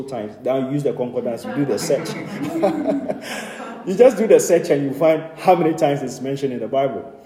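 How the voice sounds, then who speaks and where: A man's voice: fairly high pitch, warm tone. Man teaching a Bible study in a roomy hall. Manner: earnest teaching with repeated amens and light laughs. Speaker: pastor.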